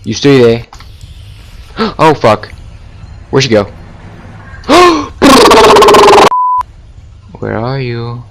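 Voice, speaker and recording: A man's voice: medium pitch, slow, gravelly, long pauses, background noise. A man giving horror game commentary, jumpy and gasping, swearing and taunting the monster. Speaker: gaming video creator.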